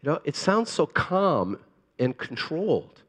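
A man preaching a sermon as a pastor, earnest and pleading, moving between hushed and emphatic delivery. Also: on the high side, big pitch swings, measured pace, long reverb tail.

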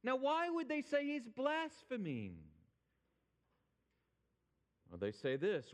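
Male pastor mid-sermon, deliberate and unhurried delivery, long hall reverb. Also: extremely high pitch, huge pitch swings. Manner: emphatic preaching, slows down on quoted scripture.

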